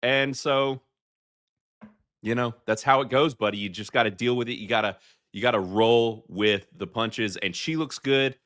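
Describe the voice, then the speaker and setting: Bright-voiced Southern man rambling on a live show. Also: medium pitch, moderate pace, no room sound. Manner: rambling, chatty, lots of fillers and restarts. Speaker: podcast host. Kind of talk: live commentary reacting to clips for chat.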